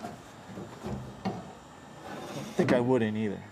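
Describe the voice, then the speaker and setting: A man's voice: medium pitch, extremely slow, gravelly, very noisy. A man chatting and joking as he repairs a car dent, grumbling under his breath now and then. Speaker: paintless dent repair technician. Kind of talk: casual running commentary while working.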